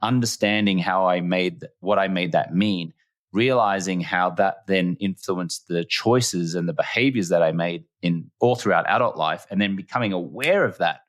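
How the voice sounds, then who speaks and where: Speaking at a moderate pace, this very low-pitched Australian podcast guest shares stories in an interview with earnest, reflective, conversational delivery. Repeated phrases serve as his tool for emphasis.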